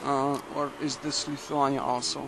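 A young man quietly musing aloud while playing a strategy game, halting and thinking out loud. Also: medium pitch, level tone, creaky, background noise. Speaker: video game commentator. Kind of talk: late-night let's play commentary.

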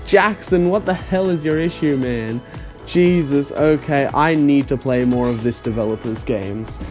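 A man's voice: fairly high pitch, measured pace, a little mellow, soft background music. Sarcastic young man playing a game. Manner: sarcastic, incredulous reactions. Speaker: gaming YouTuber. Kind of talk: let's play commentary.

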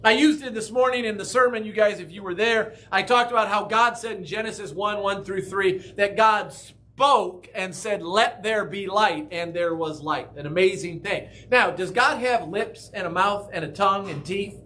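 Bright-voiced pastor preaching casually. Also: male voice, high voice, normal speed, hardly any pauses. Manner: conversational, asks the congregation questions. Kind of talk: sermon. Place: church.

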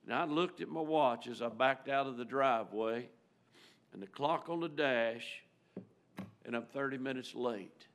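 Man, guest preacher, folksy storytelling sermon, loud-to-hushed swings, church sanctuary, middle pitch. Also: measured pace. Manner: folksy, emotional, rises loud and drops to near-hush.

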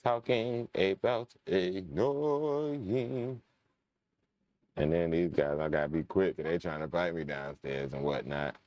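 A man's voice: a bass voice, level tone, brisk, hardly any pauses, darkish tone, no echo, dull audio. A young man casually commenting while playing a game, chatting to his viewers and muttering when frustrated. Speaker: gaming channel host. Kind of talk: casual let's-play commentary.

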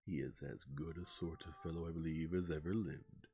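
A man in a soft-spoken ASMR reading, voicing a hearty, jovial older country gentleman in a bluff, booming manner. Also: normal speed, creaky, a little hiss or hum.

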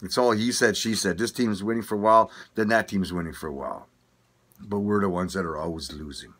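An older vlogger with a Manitoba Canadian accent rambles through a casual opinion rant, swearing, laughing often and stumbling over many restarts. His voice is lowish, fairly quick and a bit bright.

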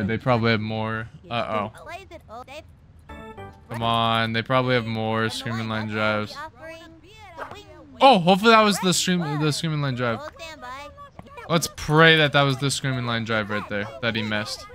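Excitable man cheering on a video game. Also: medium pitch, unhurried, long pauses. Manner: excitable, cheers players on by name. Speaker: gaming channel host. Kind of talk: casual gameplay commentary.

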